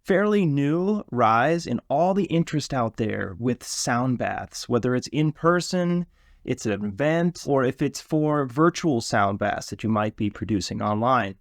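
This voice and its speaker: Man, audio expert, calm practical explainer, dead-dry recording. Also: mid-range voice, a little slow, dry recording. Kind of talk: explanatory course promo.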